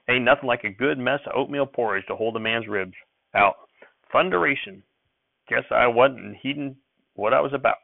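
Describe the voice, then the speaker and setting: A man voicing a fussy, excitable old rural grandfather who talks in a folksy backwoods dialect and breaks into sharp scolding. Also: medium pitch, vocal fry, no room sound, natural voice. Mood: cheerful. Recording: dry, thin phone-like sound.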